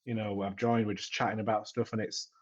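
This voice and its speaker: A man's voice: lowish voice, flat delivery, fast, muffled recording, a little hiss or hum. A man with a Yorkshire accent chatting casually on a podcast about starting out making tech videos, often restarting his sentences. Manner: chatty, frequent restarts and repeated words. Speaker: podcaster and tech content creator.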